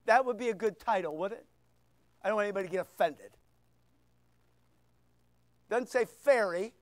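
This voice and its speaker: A man preaching a sermon as pastor, emphatic with sudden loud bursts and quiet asides. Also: high-pitched, moderate pace, long pauses, dry recording.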